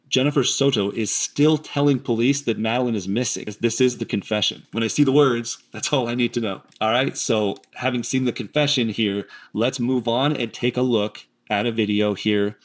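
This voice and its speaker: A man hosting a commentary, explaining his analysis of recorded statements in an emphatic, explanatory way. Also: medium pitch.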